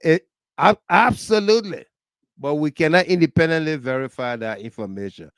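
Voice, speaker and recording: A man with a Liberian accent hosting a political talk livestream, animated, laughing often and reading viewer comments aloud. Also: a little high, normal speed, smooth, no room sound. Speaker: talk show host.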